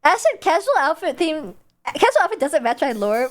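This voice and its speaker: High-voiced Midwestern woman streamer, rambling, giggly casual chat. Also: sing-song, normal speed, faint music behind. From American Midwest. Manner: rambling and giggly, lots of fillers. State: coughing after choking on water.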